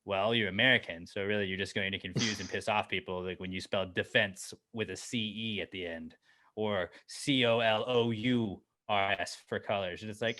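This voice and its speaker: A man hosting a casual podcast, energetic and joking, full of quick asides. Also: lowish voice. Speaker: podcast host.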